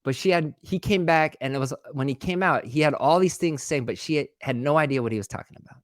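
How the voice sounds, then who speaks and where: Brief: male guest speaker, casual and lively, voices the people in his story, dry close sound. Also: fast, dry recording. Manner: animated, acts out dialogue with pitch jumps; many fillers and restarts. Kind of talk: conversational webinar storytelling.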